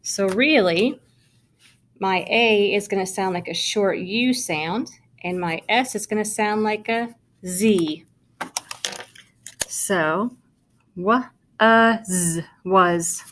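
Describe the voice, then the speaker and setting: A woman's voice: medium pitch, slow pace, pauses often, slight background noise. A woman teaching kindergarten sight words, sounding out and spelling each word for young children and praising them as she goes. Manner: encouraging, talks directly to the child watching. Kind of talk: slow, patient phonics lesson for young children.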